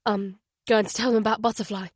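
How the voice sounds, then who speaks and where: A woman voicing a weary, quiet detective father in an audiobook. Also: mid-range voice, steady tone, quick pace, no room sound, clean studio sound, close to an everyday voice.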